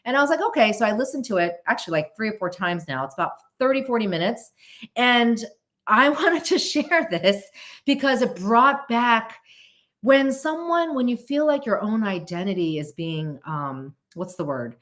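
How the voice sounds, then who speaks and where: A woman's voice: on the high side, expressive, normal speed, a bit bright. A woman hosting a podcast in casual chat, earnest and openly emotional, rambling with restarts. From United States. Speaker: podcast host.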